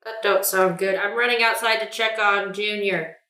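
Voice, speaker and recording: A woman's voice: mid-range voice, fairly even intonation, moderate pace, pushed and bright, echoey room. A woman taking part in a tabletop game as a player, talking casually and a little hesitantly.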